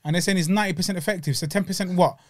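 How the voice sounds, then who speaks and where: Man, London accent, high voice, slangy, emphatic, casual podcast chat. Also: very fast. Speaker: podcast co-host.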